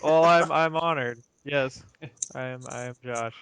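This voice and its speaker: A man's voice: mid-range voice, unhurried, fairly bright tone, slight background noise. A man joking and teasing his friends in a casual podcast chat. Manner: jokey, teasing. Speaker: podcast co-host.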